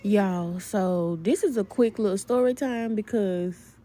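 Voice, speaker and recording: A woman telling an animated storytime to her viewers, laughing often and calling them "y'all". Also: mid-range voice, measured pace. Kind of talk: storytime vlog.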